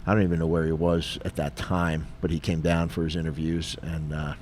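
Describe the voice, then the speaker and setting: Deep voiced ex cop co-hosting a podcast, chatty storyteller, does the voices. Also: male voice, fairly quick, a little hiss or hum. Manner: animated, acts out dialogue, frequent fillers. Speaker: podcast co-host, retired police officer. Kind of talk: casual storytelling.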